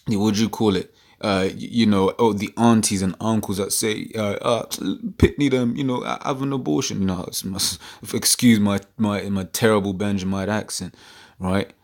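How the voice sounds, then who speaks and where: A man with a fairly low voice talks through scripture verses in a loose, conversational preaching style. He reads passages aloud, then explains them with plenty of fillers and keeps checking in with "right?". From United Kingdom. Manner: quotes scripture, many fillers and "right?" tags. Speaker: online preacher. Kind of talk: casual scripture commentary video.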